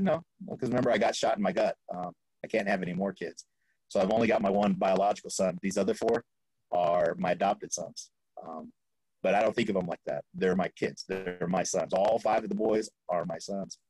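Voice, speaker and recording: A man speaking as a podcast guest, telling a story in an animated way, acting out quoted voices and laughing often. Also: on the low side, husky, no echo, low-quality recording. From Florida.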